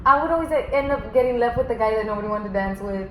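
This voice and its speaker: A woman's voice: on the high side, racing, slight background noise. A woman teasing and joking in a casual chat while eating. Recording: roomy echo, loud mouth clicks.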